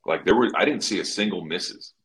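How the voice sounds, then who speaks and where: A man co-hosting a podcast, telling stories in a loud, profane, animated way. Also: sits low, fast. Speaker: podcast co-host. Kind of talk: casual podcast banter.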